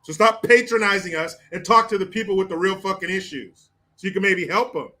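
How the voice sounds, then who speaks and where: A man's voice: high-pitched, fairly quick, sharp tone. An American man hosting a livestream. He reads chat comments aloud with crude, laughing, mocking banter. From United States. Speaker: host.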